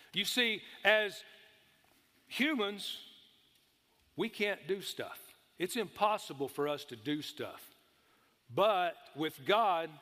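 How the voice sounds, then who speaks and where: A man's voice: a little high, pushed and bright, long reverb tail. A man preaching a sermon, emphatic, calling for amens and stretching out key words.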